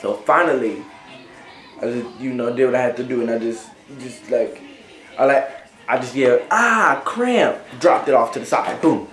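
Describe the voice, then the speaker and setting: Soft background music plays as a young male vlogger, in an echoey room, rambles through a story to camera. His medium-pitched voice moves at a normal speed with fairly even intonation, and his speech is full of fillers and "right?" tags.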